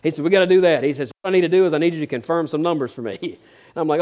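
A man preaching a sermon, acting out quotes and swinging from loud declarations to hushed asides, with folksy storytelling. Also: fairly high pitch, rapid-fire, lo-fi sound.

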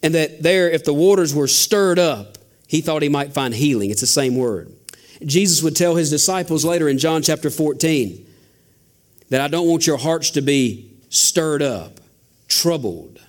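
A man's voice: on the high side, animated, measured pace. A man preaching a sermon as a pastor, asking rhetorical questions and building emphasis. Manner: father.

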